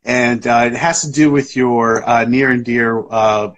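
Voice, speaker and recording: A man's voice: mid-range voice, little pitch movement, measured pace, fairly bright tone, highs cut off. A man hosting a live podcast in casual chat, rambling with lots of fillers and restarts. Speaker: podcast host.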